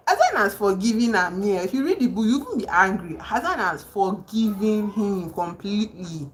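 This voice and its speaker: Excitable woman retelling a book live. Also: medium pitch, normal speed, hardly any pauses, slight background noise, poor audio. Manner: excited, emphatic storytelling with sudden exclamations. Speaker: livestream host. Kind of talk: casual livestream chat about a book. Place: home.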